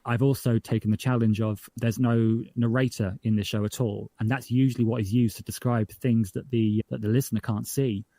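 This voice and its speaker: This northern English man, who makes podcasts, talks briskly and hardly pauses, his voice medium in pitch. In a casual interview he keeps restarting his sentences, staying chatty and perking up whenever a joke comes. The recording is dry.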